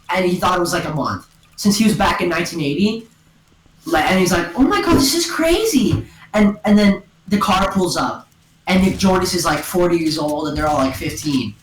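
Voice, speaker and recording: A woman excitedly retelling a story to friends over voice chat, rambling with lots of "and then" and "like", on a gaming headset at home. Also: fairly low pitch, echoey room, poor audio. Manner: excitable, giggly, full of "and then" and "like".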